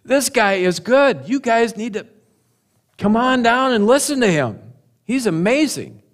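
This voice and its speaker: A preacher playing wowed, excited temple guards. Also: male voice, very high voice, measured pace, voice pushed up, exaggerated voice. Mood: amazed. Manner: enthusiastic, impressed.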